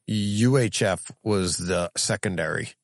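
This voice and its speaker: Male podcast host, gravelly, animated storyteller, dry close recording. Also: deep voice, a little slow, no room sound. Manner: animated storyteller, lively when telling anecdotes. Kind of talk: casual chat.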